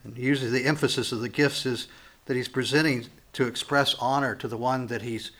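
A man preaching a sermon, swinging between loud emphatic rises and quiet, slow phrases, often restarting and repeating words as he goes. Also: medium pitch, fairly even intonation. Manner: restarts and repeats words while thinking aloud.

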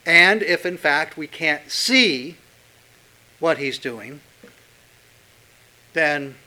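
Bright-voiced male pastor preaching slowly. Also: a little high, lively intonation, poor audio. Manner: emphatic, swinging from loud stresses to hushed quotes. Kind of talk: sermon.

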